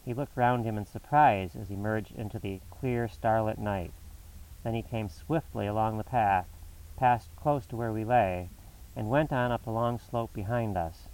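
Low-voiced man narrating dramatically. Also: a little mellow, far from the mic, low-quality recording. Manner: measured, dramatic storytelling. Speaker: audiobook narrator. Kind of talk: scripted narration of a classic novel.

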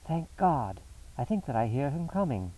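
A man voicing a tense, commanding male detective who speaks in urgent, clipped bursts, pitched above his own reading voice. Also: lively intonation, a little fast, dark tone, distant mic, lightly acted, rough recording. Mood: relieved.

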